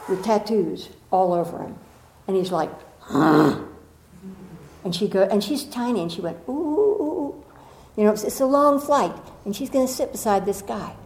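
A woman's voice: medium pitch, roomy sound, low-quality recording. A woman giving an inspirational talk to an audience, telling a story with acted-out quotes and frequent laughter. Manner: expressive storyteller, acts out quotes, laughs often. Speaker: spiritual speaker.

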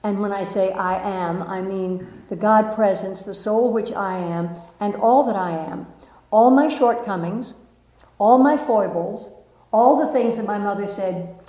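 Gently laughing woman teacher, echoey room. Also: mid-range voice, unhurried. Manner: gentle and reflective, laughs often at herself; checks in with the audience by asking questions. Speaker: spiritual teacher. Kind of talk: spiritual talk to a live audience. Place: room with a live audience.

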